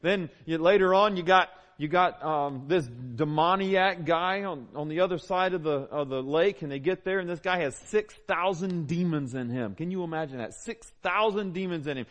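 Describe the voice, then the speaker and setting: A man's voice: on the high side, normal speed, few pauses, fairly bright tone. A man, preaching a sermon as a pastor, conversational and emphatic with repeated phrases. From Southern United States. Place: church.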